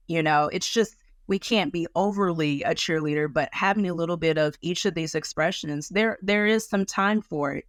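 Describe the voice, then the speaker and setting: A woman counselor speaking in a conversational interview, animated and acting out other people's reactions as she explains. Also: on the low side, normal speed, few pauses, no echo. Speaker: guest counselor.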